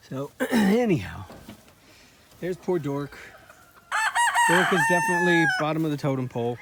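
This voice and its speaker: A man's voice: on the high side, big pitch swings, normal speed, creaky, long pauses. A man chatting casually about his farm while walking the pasture and talking fondly to his chickens. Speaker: farmer and video host. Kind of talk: casual walk-and-talk vlog. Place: outdoors in a pasture. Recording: outdoor farm recording with noisy background. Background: chickens clucking and roosters crowing.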